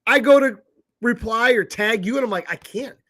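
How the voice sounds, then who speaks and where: A man's voice: very high-pitched, normal speed, sharp tone. A man co-hosting a podcast, blunt and profane in casual chat. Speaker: podcast co-host.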